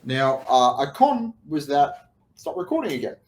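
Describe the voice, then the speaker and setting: Animated man rambling in an echoey room. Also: medium pitch, normal speed. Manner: rambling, with many restarts and laughs. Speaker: energy healer. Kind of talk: casual spoken monologue.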